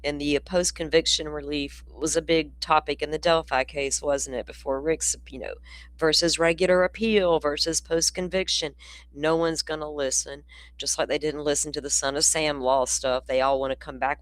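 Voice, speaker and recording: A woman's voice: deep voice, steady tone, moderate pace, no room sound. Woman, livestream host, blunt and profane, rambling, yawning, dry close sound. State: yawning, sleepy. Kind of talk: casual livestream commentary.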